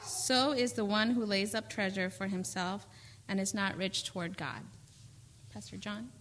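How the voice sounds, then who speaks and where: Woman doing the bible reading at church, even and measured. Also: mid-range voice, a little hiss or hum. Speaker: scripture reader. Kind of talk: reading scripture aloud.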